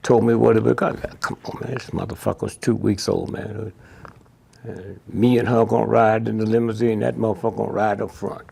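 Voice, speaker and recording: A man's voice: on the low side, little pitch movement, normal speed, a little mellow. An older man, telling stories bluntly and profanely in an interview, keeps asking "Huh?". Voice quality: gravelly and husky.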